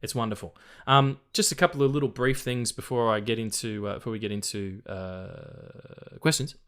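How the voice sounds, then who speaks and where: A man's voice: fairly low pitch, steady tone, normal speed, a bit bright, smooth. A man hosting a casual film podcast, chatty and swearing freely as he reads out trivia. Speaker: podcast host.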